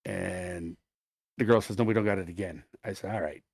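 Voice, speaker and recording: A middle-aged man, co-hosting a podcast, tells an animated, profane story in casual chat. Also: low voice, moderate pace, creaky, husky, dry recording, clean studio sound. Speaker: podcast co-host.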